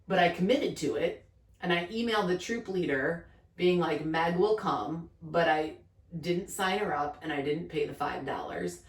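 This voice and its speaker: A woman's voice: on the low side, moderate pace, echoey room, far from the mic. A woman co-hosting a casual podcast, telling stories in a chatty way and acting out the quotes. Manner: chatty storyteller, acts out quotes with laughter. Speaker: podcast co-host. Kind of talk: casual chat.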